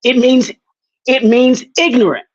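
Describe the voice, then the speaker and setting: A man's voice: very high-pitched, fairly even intonation, unhurried. A man in a heated debate who stammers and restarts, but stays firm and keeps pressing his point. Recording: dull lo-fi sound.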